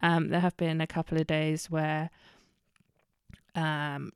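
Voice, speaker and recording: Woman, solo podcast host: unhurried, candid, um-heavy chat, smooth tone, dry close mic. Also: sits low, little pitch movement, no echo. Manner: chatty, candid, many ums and self-corrections.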